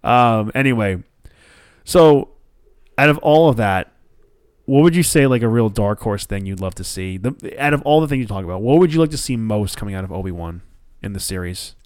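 A man's voice: lowish voice, lively intonation, normal speed, a little mellow, clean tone, dry recording, clean studio sound. A man hosting a podcast in casual chat. He tells stories with energy, swears freely, and acts out quotes from the people he talks about. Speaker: podcast host.

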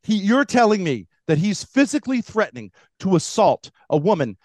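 A man's voice: high voice, very animated, moderate pace, darkish tone, no room sound. A man arguing heatedly in an online debate, combative and given to mocking others in put-on voices, heard over a video call.

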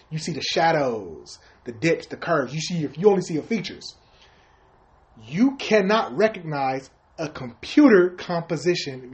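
A man co-hosting a casual podcast chat, explaining at length with crude joking. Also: fairly high pitch. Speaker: podcast co-host.

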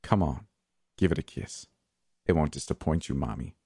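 A man's voice: moderate pace, dark tone, breathy edge, no room sound, studio quality, exaggerated voice. A man voicing a crude, leering male prisoner in an audiobook. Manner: crude and leering, turns to shrill screaming. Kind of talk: audiobook character voice.

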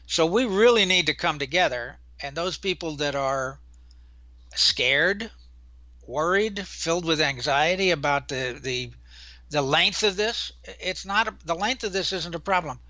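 An older man co-hosting a casual chat, talking earnestly and telling stories in a measured way. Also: on the high side, animated, bright, forceful tone, dry recording. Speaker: co-host.

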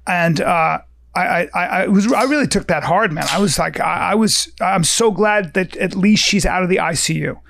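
A man's voice: high-pitched, moderate pace, creaky, a bit bright, slight background noise. A man hosting a podcast, speaking in a blunt, emphatic casual chat with swearing. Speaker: podcast host.

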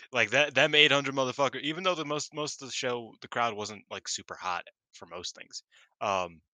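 An excitable man in casual podcast chat, swearing freely and acting out quotes in quick bursts. His voice sits low but sounds very bright and sharp. The recording is close and dry. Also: dry recording, rough recording. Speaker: podcast co-host. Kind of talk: casual wrestling review chat.

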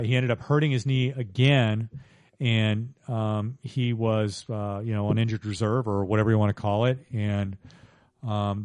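A man's voice: fairly low pitch, a little mellow, clear, resonant tone, no room sound. A man who wrote a book, talking casually as a podcast guest, rambling with many restarts and fillers. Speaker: author guest. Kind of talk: casual interview talk. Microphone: podcast microphone.

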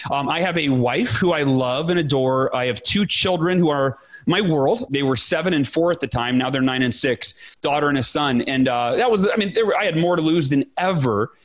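A man in his forties, a guest author telling his story in a podcast interview with emphatic, animated delivery. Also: mid-range voice. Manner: animated, emphatic, acts out quoted dialogue.

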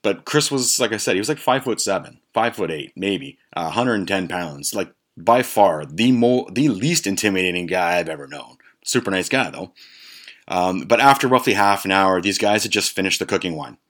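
A man's voice: low-pitched, lively intonation, moderate pace, fairly bright tone. A man in his forties hosting a podcast, telling a rambling, profane, amused story. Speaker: podcast host. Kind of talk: casual storytelling.

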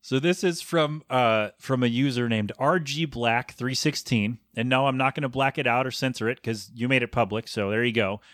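A man's voice: mid-range voice, normal speed, hardly any pauses, a bit bright, no echo, studio quality. Sarcastic thirty-something man ranting on a podcast. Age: 30s. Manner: sarcastic, rambling, mock-professional. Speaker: podcast host. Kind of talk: casual solo podcast rant. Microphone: podcast microphone.

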